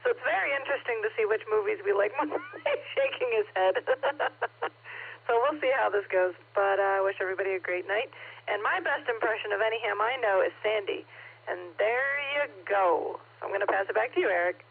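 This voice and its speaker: A woman's voice: medium pitch, expressive, quick pace, creaky, slightly rough. A woman checking in on a ham radio net, chatty and good-humored. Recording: narrowband radio transmission.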